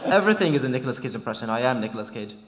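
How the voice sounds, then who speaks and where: A fan doing a deadpan impression of a male movie star, talking without moving his mouth, at a convention panel. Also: mid-range voice, very fast, crowd noise, close to an everyday voice. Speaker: audience member. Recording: echoey hall, audience noise.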